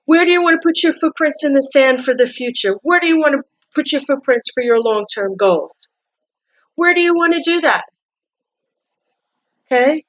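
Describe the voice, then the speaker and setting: In this muffled clip, a high-voiced woman with a non-native English accent does a casual tarot reading at normal speed, her intonation lively and broken by long pauses. She tends to repeat herself, restart words, and coax with questions.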